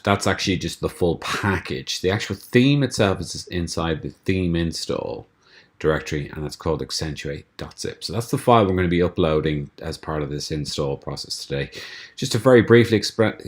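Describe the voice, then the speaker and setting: A man from a theme company walking through a screencast tutorial, explaining steps in a relaxed way with frequent ums and restarts. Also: deep voice. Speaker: theme developer giving a tutorial.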